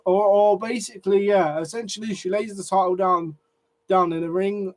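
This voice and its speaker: This wrestling commentary host has a high, slightly mellow voice with a steady tone and moderate pace. He rants about wrestling and swears, growing flustered and repeating himself when irritated.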